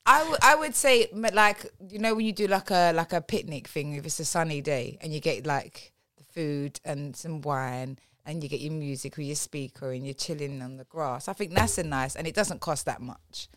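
A woman co-hosting a casual podcast chat in a relaxed, agreeable, slangy way. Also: low voice, normal speed, hardly any pauses, no room sound, studio quality. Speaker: podcast co-host.

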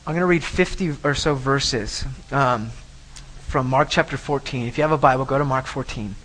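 A man's voice: medium pitch, normal speed, a bit bright, a little hiss or hum, low-quality recording. A man preaching a sermon, emphatic, often repeating and restarting phrases. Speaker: pastor.

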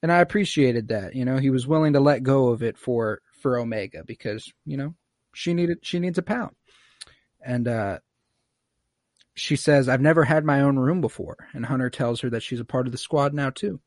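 A young man hosting a casual podcast, recapping a show episode in an animated, joking way. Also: mid-range voice, moderate pace, no echo, clean studio sound. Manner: animated storytelling recap with swearing and jokes. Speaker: podcast host.

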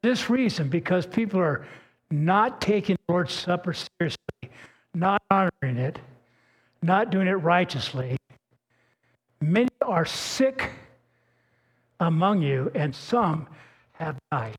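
A man's voice: high-pitched, lively intonation, slow pace, long pauses, slightly rough. An older man preaching a sermon as pastor, telling stories in a folksy, earnest way, often restarting his words. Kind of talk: sermon with personal storytelling.

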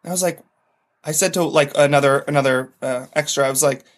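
Podcast guest: chatty man, a touch high-pitched, rambling anecdotes full of "like". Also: fairly even intonation, quick pace. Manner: chatty storyteller, heavy use of "like". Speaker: podcast guest, former TV extra. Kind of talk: casual chat.

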